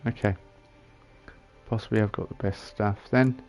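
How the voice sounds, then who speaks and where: A man's voice: on the low side, steady tone, normal speed, darkish tone, soft background music. A man giving casual commentary on a game he plays, muttering and reading item descriptions aloud as he thinks it through. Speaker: gaming channel host.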